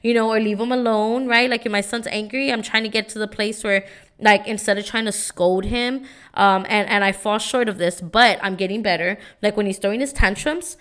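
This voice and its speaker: A woman's voice: mid-range voice, steady tone, normal speed, fairly bright tone. A young woman hosting a podcast, talking earnestly and casually about parenting and often adding "right?" to her points. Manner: earnest, keeps asking "right?". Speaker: podcast host. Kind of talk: casual motivational talk.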